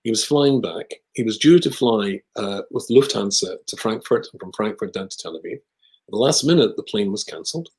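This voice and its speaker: A man with a British accent, a rabbi telling a long personal story in conversation, with lively asides. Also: on the low side, a little fast, poor audio. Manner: animated anecdotal storyteller with asides.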